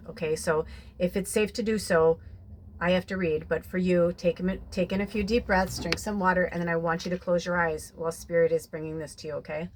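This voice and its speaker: A woman's voice: on the low side, fairly even intonation, a little fast, a little mellow, a little hiss or hum. A young adult woman, a spiritual medium, talking in a rambling, emotional way with lots of "like" and "you know", then leading a guided meditation. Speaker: spiritual medium doing a card reading. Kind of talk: casual, emotional personal talk and guided meditation.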